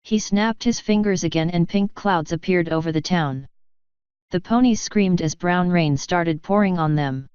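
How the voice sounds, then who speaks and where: A woman narrating fanfiction in a steady storytelling manner. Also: on the low side, a little slow, clear, resonant tone, no room sound. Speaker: audiobook reader. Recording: dry, dull lo-fi recording.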